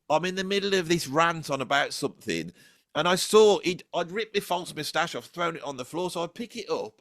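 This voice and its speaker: Chatty male host, fairly high voice. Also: dry recording, studio quality. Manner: animated storyteller, laughs often. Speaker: podcast host. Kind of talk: casual conversation.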